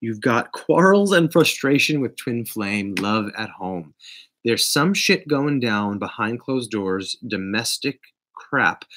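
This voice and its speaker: Emphatic, playful man reading tarot. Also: medium pitch. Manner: emphatic and playful, swings between loud bursts and quiet asides. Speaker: tarot reader. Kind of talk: casual tarot reading monologue.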